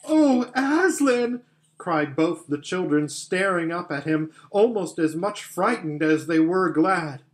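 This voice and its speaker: A man narrating a children's fantasy story as an audiobook reader, with gentle storytelling. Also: on the high side, a little slow, few pauses. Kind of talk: scripted narration.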